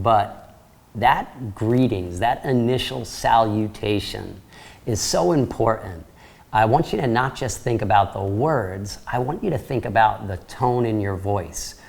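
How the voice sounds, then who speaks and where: A man's voice: on the low side, creaky. A man giving a sales training lecture, coaching trainees in an upbeat, direct way.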